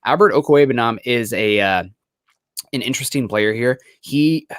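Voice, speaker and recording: A man's voice: medium pitch, normal speed, dry recording, clean studio sound. A young man from Iowa hosting a podcast, chatting casually with lots of fillers. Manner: relaxed, filler-heavy rambling. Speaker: podcast host. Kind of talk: casual chat.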